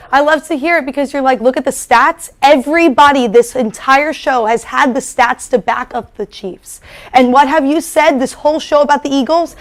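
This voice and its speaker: Woman with a high voice talking trash about football, teasing her cohost. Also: moderate pace. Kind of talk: casual sports debate.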